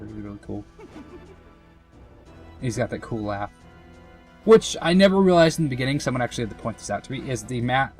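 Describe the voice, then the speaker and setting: A young man giving casual, rambling commentary over a game, full of fillers and self-mocking asides. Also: medium pitch. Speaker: let's play commentator.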